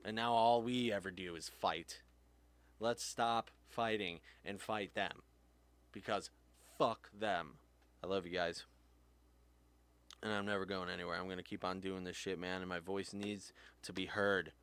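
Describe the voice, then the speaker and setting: Low-voiced man ranting heatedly. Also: steady tone, measured pace, a bit bright, clear, resonant tone. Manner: heated, swears often, pitch jumps when angry. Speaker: podcast host. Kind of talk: impassioned rant.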